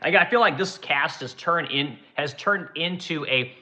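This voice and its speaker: A man's voice: on the high side, normal speed, sharp tone. A man from Oregon hosting his own channel, giving an exasperated, profane, sarcastic rant. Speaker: channel host. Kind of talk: profane ranting commentary.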